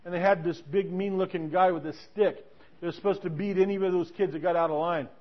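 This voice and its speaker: A man with a notably high voice delivers a sermon as a lively story. He keeps restarting his sentences. The recording sounds dull and lo-fi. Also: fast. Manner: animated, with many restarts. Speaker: preacher.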